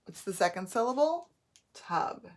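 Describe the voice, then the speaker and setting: A woman teacher giving a patient phonics lesson, modeling each word slowly and clearly. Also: on the low side, animated. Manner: slow, patient, drawn-out modeling of words.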